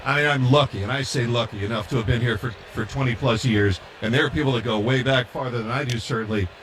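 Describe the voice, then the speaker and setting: A man's voice: mid-range voice, quick pace, fairly bright tone. An enthusiastic male radio broadcaster with an easy, conversational delivery. Faint noise sits under his voice. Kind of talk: radio broadcast chat and live read.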